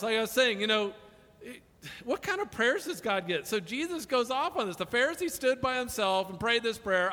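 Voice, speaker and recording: A pastor with a very high, pushed, bright voice and big pitch swings preaches a sermon at normal speed, opening with chatty, jokey stories before turning earnest. The long reverb of a large hall surrounds him.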